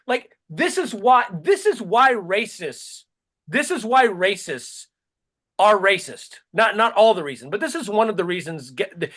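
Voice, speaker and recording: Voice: mid-range voice, sing-song, unhurried, fairly bright tone. A podcast co-host delivering a sarcastic, profane comedic rant that mocks people in put-on voices.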